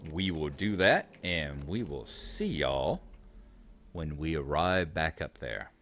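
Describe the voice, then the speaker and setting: A man's voice: a bass voice, expressive, takes it slowly, fairly bright tone. A man hosting a game video, reading quest text aloud and chatting casually about the game. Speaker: gaming channel host. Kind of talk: casual gameplay commentary.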